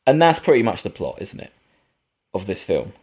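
A man's voice: lowish voice, huge pitch swings, moderate pace, a little mellow, slightly rough. A middle-aged man hosting a casual film podcast, chatty and jokey. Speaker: podcast host.

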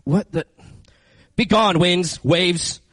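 A man's voice: sits high, slow, fairly bright tone, dry recording, heavily acted. A man doing a tired, unbothered teacher. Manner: casual, offhand scolding. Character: weary, unbothered male teacher woken from a nap.

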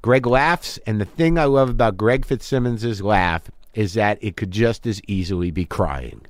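A man's voice: fairly low pitch, normal speed, noisy background. A man hosting a podcast, talking candidly and profanely, mocking himself and acting out both sides of imagined spats. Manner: self-deprecating, profane, acts out both sides of imagined arguments. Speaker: podcast host. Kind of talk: candid monologue and chat. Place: home studio.

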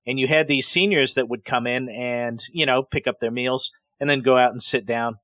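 A man's voice: medium pitch, fairly even intonation, normal speed, a bit bright, no echo. A middle-aged man from the Pacific Northwest hosting a podcast, telling stories in a rambling, conversational way full of digressions. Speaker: podcast host. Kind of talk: casual spoken storytelling.

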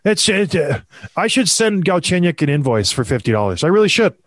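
A man's voice: a little high, sing-song, fairly quick, fairly bright tone, dry recording. A man hosting a sports talk show, ranting in exasperation with frequent sighs. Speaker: hockey podcast host. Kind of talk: heated sports commentary chat.

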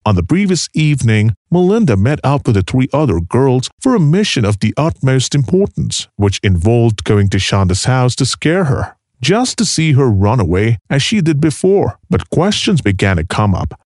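A man narrating a dark true story in an expressive, dramatic reading. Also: medium pitch, normal speed, hardly any pauses, no room sound, clean studio sound.

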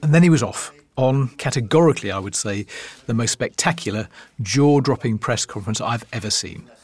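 A man hosting and narrating a documentary podcast in a measured storytelling manner. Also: medium pitch, lively intonation, darkish tone. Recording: narration with faint music underneath. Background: faint music.

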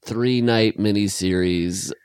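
A man's voice: on the low side, fairly even intonation, slow, darkish tone, clear, resonant tone, no room sound. Laid-back male podcast co-host, dry close sound. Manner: rambling, laughing recap of movie scenes. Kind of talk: casual comedic chat.

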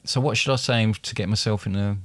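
A man co-hosting a casual podcast, playfully putting on regional accents, laughing often and drawling phrases slowly. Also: on the low side, steady tone, no echo. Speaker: podcast co-host.

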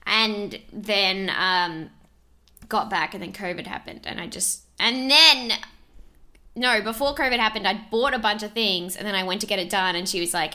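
A woman's voice: mid-range voice, moderate pace. A young woman, chatting casually on a podcast, swearing often and laughing as she tells stories. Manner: swears a lot, laughs often, animated storytelling.

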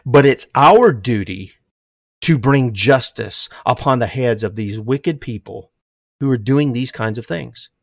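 An older man preaching an impassioned sermon. He swings between loud, emphatic declarations and low, hushed drops, and says he is emotional. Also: unhurried, vocal fry, dry recording, clean studio sound.

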